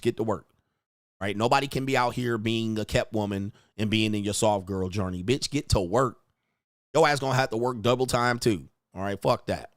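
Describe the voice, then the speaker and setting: A man hosting an online show in a loud, mocking, profane ranting style, swinging into high shouted tirades. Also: fairly quick, dry recording, studio quality. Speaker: online dating coach and host.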